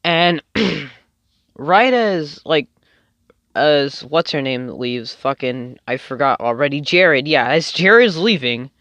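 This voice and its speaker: A man's voice: a little high, animated, slow, pushed and bright, no echo. A young man rambling through a personal story in a casual, filler-heavy way, swearing often. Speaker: storytime vlogger. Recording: dull lo-fi dry sound.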